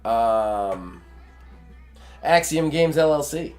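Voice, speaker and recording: A man's voice: mid-range voice, animated, very slow, a little mellow, faint music behind. A man co-hosting a game stream, chatting casually, joking, laughing often, and reading game text aloud dramatically. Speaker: let's play co-host.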